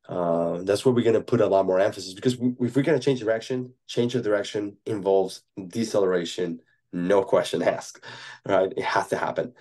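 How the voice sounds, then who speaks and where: Low-voiced man explaining with repeated "right?". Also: dark tone. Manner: thoughtful, explanatory, frequent tag questions. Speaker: performance coach as guest. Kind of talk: podcast interview answer.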